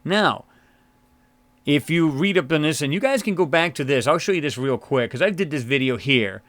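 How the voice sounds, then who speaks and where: A man's voice: fairly high pitch, lively intonation, moderate pace, fairly bright tone, dry recording. A man hosting his own channel, rambling through a casual commentary on photos with many fillers and restarts, his throat scratchy. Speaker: channel host. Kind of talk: casual screen-share commentary.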